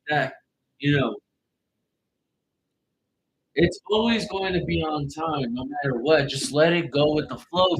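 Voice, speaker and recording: A man's voice: a little high, a bit bright, slight background noise, rough recording. A man giving a casual online tarot reading, blunt and profane, with loose, rambling phrasing. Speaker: tarot reader.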